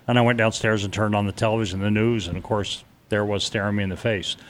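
A man's voice: fairly low pitch, little pitch movement, fast, hardly any pauses, fairly bright tone. A middle-aged man telling a personal story in a casual, vivid way as an interview guest, acting out the voices of the people he quotes.

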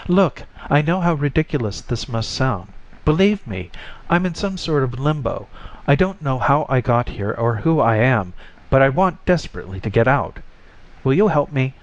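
A man's voice: medium pitch, very animated, moderate pace, pitched above the performer's own voice, natural voice. A man voicing a desperate disembodied male voice in limbo, pleading and sad, in a slightly muffled recording.

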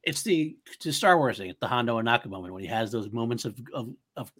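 Podcast co-host, man, bright voice with lively pitch, eager and laughing easily. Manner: enthusiastic, quick to laugh, quotes movie lines. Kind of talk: casual podcast chat.

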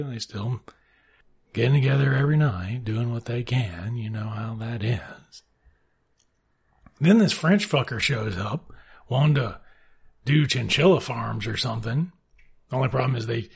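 A man's voice: mid-range voice, gravelly, breathy edge. A man retelling a novel's plot in a casual, sarcastic and heavily profane way. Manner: sarcastic, swearing, offhand. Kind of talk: casual profane book recap.

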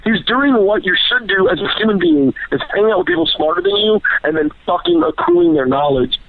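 Gravelly, profane man on a phone line. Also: very high-pitched, a little fast. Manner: profane, rambling, excitable storytelling. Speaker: podcast guest. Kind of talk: casual chat. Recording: tinny phone-line sound.

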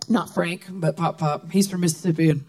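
A woman's voice: lowish voice, steady tone, fairly quick, darkish tone. A woman, a guest singer-songwriter telling casual, rambling stories with frequent laughs and tangents. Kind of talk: casual conversational storytelling.

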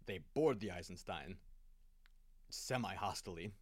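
A man casually retelling a long story to a friend, rambling with restarts and quick acted quotes. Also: low-pitched, no echo. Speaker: lore explainer.

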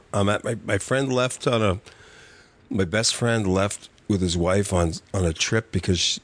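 An older man, a comedy writer and podcast guest, telling a story in a vivid, profane and animated way. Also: on the low side, unhurried.

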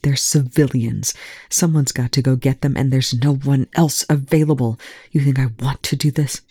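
A worn-out male commander with a rasping, low growl, as a reader puts him on. He speaks tersely and under strain, in a mellow, dry-sounding storybook reading. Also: steady tone, moderate pace, no echo, lightly acted. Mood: angry. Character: weary wounded male military commander. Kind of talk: fan fiction audiobook reading.

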